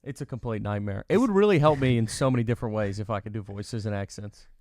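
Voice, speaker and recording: A man co-hosting a podcast, telling laid-back stories with quick laughs, who says he is drunk. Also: lowish voice, darkish tone, dry recording. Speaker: podcast co-host. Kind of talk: casual chat.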